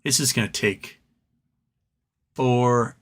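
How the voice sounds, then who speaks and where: A man's voice: medium pitch, steady tone, a little slow, a bit bright. A man hosting a live stream from home, chatting casually, answering viewer comments and trailing off into rambles.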